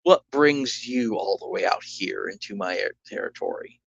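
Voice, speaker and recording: A man voicing a female voodoo queen who rules a gang, speaking in a slow, commanding way. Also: fairly low pitch, wildly swooping pitch, vocal fry, slightly rough, dull audio, full character voice.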